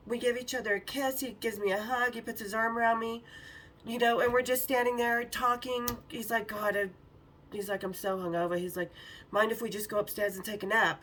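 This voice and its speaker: A woman's voice: a little high, a bit bright, distant mic, slight background noise. A woman hosting her own show, telling stories in a frank, profane way and laughing often. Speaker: podcast host. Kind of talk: candid storytelling.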